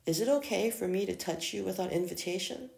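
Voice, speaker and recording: Reader doing a wry young doctor lady, gravelly, echoey room. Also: mid-range voice, a little fast, a little mellow, pitched above the performer's own voice, close to an everyday voice. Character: sensible young woman doctor, dryly witty.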